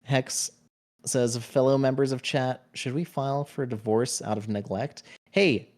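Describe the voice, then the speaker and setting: A man's voice: mid-range voice, steady tone, unhurried, darkish tone. Playful man reading stream chat. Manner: playful, jokey asides between read-outs. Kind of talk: casual stream chat, reading chat messages aloud.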